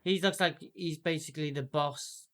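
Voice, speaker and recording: A man's voice: on the high side, normal speed, fairly bright tone. A man co-hosting a casual film review, agreeable and chipping in with short remarks. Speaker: film review podcast co-host. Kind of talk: casual chat.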